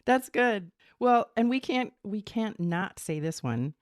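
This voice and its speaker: A middle-aged woman, co-hosting a podcast in casual, animated chat. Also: medium pitch, slow pace, dry recording, studio quality. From Minnesota. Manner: animated, explains theories, laughs. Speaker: podcast co-host.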